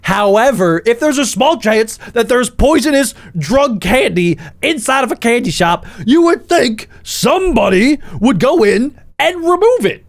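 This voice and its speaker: A man reacting out loud to a story video, exclaiming often and talking back at what he hears. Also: extremely high pitch, sing-song, a little slow, dry recording. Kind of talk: casual reaction commentary.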